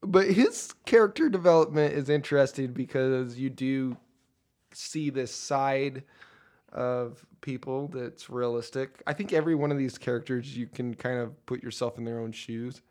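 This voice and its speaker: A man's voice: medium pitch, normal speed. Rambling man chatting about movies. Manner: rambling, animated, laughs often. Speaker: podcast co-host. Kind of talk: casual movie-discussion podcast.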